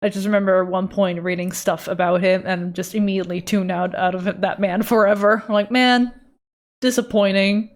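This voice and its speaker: A woman's voice: on the low side, level tone, fairly quick, few pauses. A young woman chatting casually and rambling while she draws on a live stream, laughing at herself often. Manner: rambling, giggly, self-deprecating. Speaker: art streamer.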